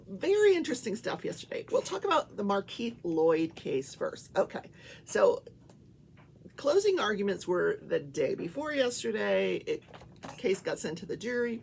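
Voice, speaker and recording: A woman's voice: medium pitch, sing-song, measured pace, gravelly, a little mellow, a little hiss or hum. An older woman hosting a casual morning talk show, chatting in a rambling way. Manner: chatty, rambling, breaks off to coo at her pets. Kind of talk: casual chat.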